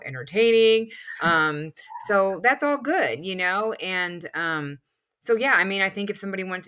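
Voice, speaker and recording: A woman's voice: fairly low pitch, fairly bright tone. A woman in her sixties co-hosting a podcast in casual chat, rambling and emotional with many fillers, with a slight lisp from a new retainer. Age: 60s. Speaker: podcast co-host.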